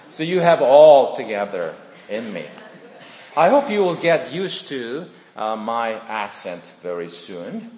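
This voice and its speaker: A man's voice: mid-range voice, darkish tone. A middle-aged man with a Korean accent, preaching a sermon as pastor in a friendly, chatty way with self-deprecating asides. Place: church sanctuary. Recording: echoey hall with long reverb.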